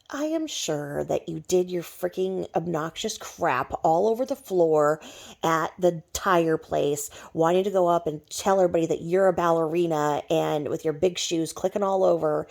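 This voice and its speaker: Creaky low-voiced woman ranting mockingly. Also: moderate pace, a little mellow. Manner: mocking, drops to whispered asides. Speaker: vlogger. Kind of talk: gossipy rant vlog.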